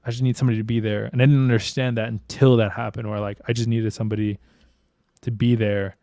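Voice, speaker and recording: A man's voice: on the low side, level tone, fast, warm tone, no room sound. A young man co-hosting a podcast, talking candidly and casually with lots of swearing and restarts. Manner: candid and profane, rambling with restarts. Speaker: podcast co-host. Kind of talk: casual chat.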